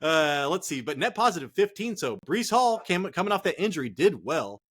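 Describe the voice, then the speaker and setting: With a husky, slightly high voice and a slightly fast delivery, this man hosts a sports podcast. He's excitable and casual, cursing frequently and addressing listeners as "dude" and "man."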